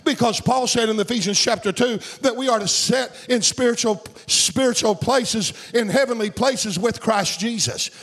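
High-voiced fervent preacher man. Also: normal speed, few pauses. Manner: fervent, shouting bursts, sing-song cadence. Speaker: pastor. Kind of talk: sermon.

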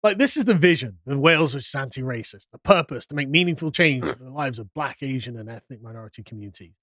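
Male podcast host, sarcastic reader of documents, lively swinging pitch, dry close sound. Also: fast talker, no echo. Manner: reads documents aloud with sarcastic commentary. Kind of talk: casual political discussion podcast.

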